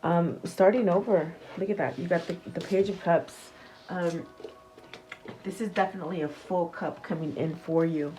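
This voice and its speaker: Mellow-voiced woman giving a tarot reading. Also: on the low side, steady tone, normal speed, a little hiss or hum, poor audio. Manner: soft, meandering, many fillers and restarts. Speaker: tarot reader. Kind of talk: casual tarot reading to camera.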